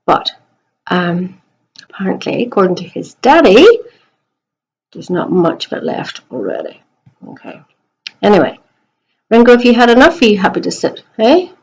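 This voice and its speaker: A middle-aged woman teacher at home, chatting gently in a recorded message to young pupils. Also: medium pitch, very animated, moderate pace, long pauses, husky, rough recording. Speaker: primary school teacher.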